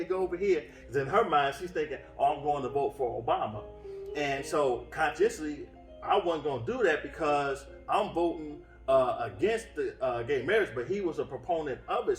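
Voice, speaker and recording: A man preaching a sermon in an earnest way, often restarting his phrases, heard from some distance in a roomy space with faint music behind. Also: on the high side. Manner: earnest, with frequent restarts and fillers. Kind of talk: sermon teaching. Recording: roomy echo from off-mic.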